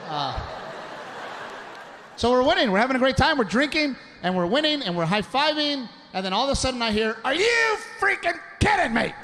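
A man performing a crude, self-mocking stand-up routine on a comedy club stage, telling an animated story. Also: very high-pitched, a little fast, long reverb tail. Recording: live club recording with audible background noise.

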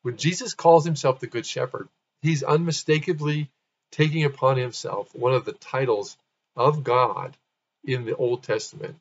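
A man talks through a Bible teaching in a loose, conversational way, stopping to restart and fix his own words. His voice sits at an ordinary middle pitch. The recording sounds a little dull and lo-fi. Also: normal speed. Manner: conversational, restarts and corrects himself.

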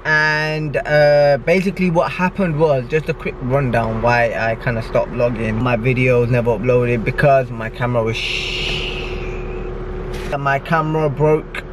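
A man's voice: medium pitch, steady tone, unhurried. A young man with a Midlands English accent, chatting loosely to his vlog camera. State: tired. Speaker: vlogger. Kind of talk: casual vlog talk. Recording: noisy handheld camera audio.

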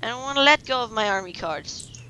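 A woman hosting a let's play, chatting casually over a card game in a playful, teasing way that is quick to complain. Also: a little high, animated, bright, forceful tone, a little hiss or hum, poor audio. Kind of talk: casual gaming banter.

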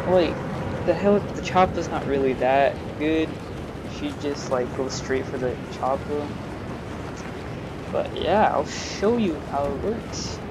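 Regular-pitched guy rambling thru game commentary, keeps saying and yeah, game noise loud behind him. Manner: rambling, repeats "and yeah", laughs at own slips. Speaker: gaming YouTuber. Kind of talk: casual gameplay commentary.

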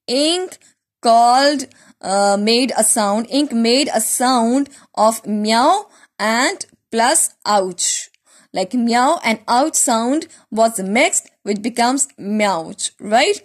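A woman teacher giving a recorded lesson, explaining a poem slowly, repeating words and asking simple questions. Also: fairly high pitch, expressive.

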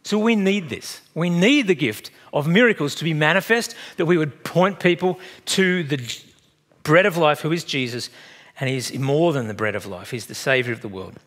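A man's voice: a little high, moderate pace. A man in his fifties with an Australian accent, a pastor preaching a sermon and telling chatty stories with laughs along the way. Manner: storytelling, animated and chatty, laughs at own stories.

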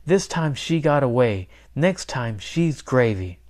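A man voicing a dry-humored female police officer who teases in a deadpan way. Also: mid-range voice, slow. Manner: deadpan teasing.

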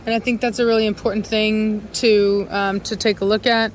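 A woman breeder chatting casually while handling her dogs in a yard, now and then calling to them in a high sing-song voice. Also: level tone, moderate pace. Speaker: dog breeder. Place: outdoor dog yard. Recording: faint outdoor noise.

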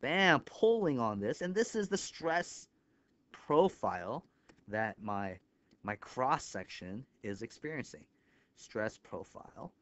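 A man lecturing on an engineering topic at a whiteboard, thinking aloud step by step and marking each step with a quick 'bam'. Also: mid-range voice, sing-song, fairly bright tone. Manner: explains step by step with frequent 'right here'. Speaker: engineering instructor. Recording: slightly dull, lo-fi dry recording.

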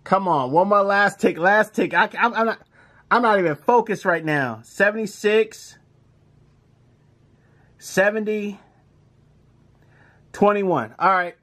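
A man, commenting casually as he scratches lottery tickets, reading numbers aloud in slang and breaking into excited shouts. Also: high voice, takes it slowly, long pauses.

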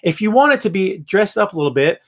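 An excitable man hosts a live talk show and rants to his listeners. His voice sits fairly high for a man and leaps up and down across a wide range. He fires off points and answers chat comments in an animated, worked-up way. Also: fast talker. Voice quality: animated, excitable, ranting delivery. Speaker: wrestling podcast host.

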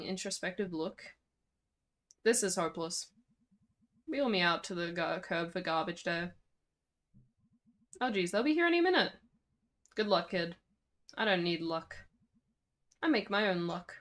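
Woman voicing a deadpan awkward dropout girl. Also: fairly low pitch. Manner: deadpan, self-mocking. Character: sardonic young woman, awkward college dropout.

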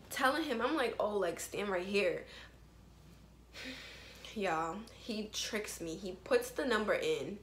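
A young woman tells a story to her viewers in a loose, chatty way, full of quick asides. Her voice sits in a middle range. The room is echoey, with a faint hum behind her. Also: mid-range voice, sharp tone. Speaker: vlogger. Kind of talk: storytime vlog, casual chat.

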